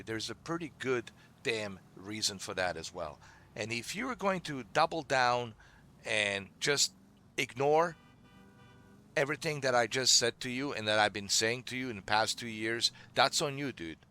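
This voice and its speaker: A man's voice: mid-range voice, bright, forceful tone. A man streaming, giving a scolding, repetitive rant at a viewer he keeps calling dude. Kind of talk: ranting monologue to a viewer.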